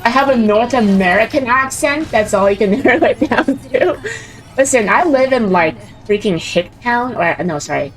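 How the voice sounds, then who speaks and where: A woman's voice: fairly high pitch, expressive, moderate pace, soft background music, low-quality recording. A young woman VTuber chatting while she plays a game. She rambles, giggles and mimics voices. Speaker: VTuber streamer. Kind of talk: casual chat while gaming.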